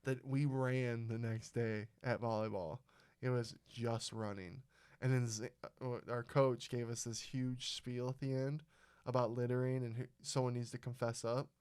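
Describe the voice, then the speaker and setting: A young man hosting a podcast, telling a story in casual chat, animated and swearing a lot. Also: medium pitch, moderate pace, clean tone. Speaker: podcast host.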